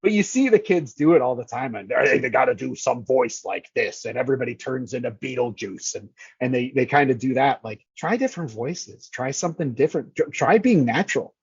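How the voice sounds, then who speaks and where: Man, husky voice, energetic, swears casually, dry lo-fi sound. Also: medium pitch, a little fast, hardly any pauses, no room sound. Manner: energetic, swears freely, acts out lines. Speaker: scare actor manager. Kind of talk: casual interview talk.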